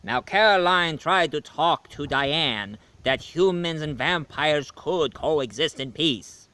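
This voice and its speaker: Dracula, as a man plays him, reviews an old game in a bright, slightly raised voice. He talks slowly and rambles, correcting himself as he goes. He sounds like a weary vampire who wants no more killing. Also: on the high side, lively intonation, exaggerated voice. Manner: slow, rambling, self-correcting. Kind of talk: in-character video game review.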